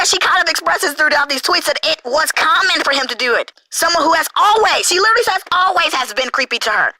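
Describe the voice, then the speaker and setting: Commentator, male, furious and sarcastic; very bright tone, wildly swinging pitch. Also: no echo, low-quality recording. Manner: heated, profane, sarcastic. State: angry. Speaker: online commentator. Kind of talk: angry rant.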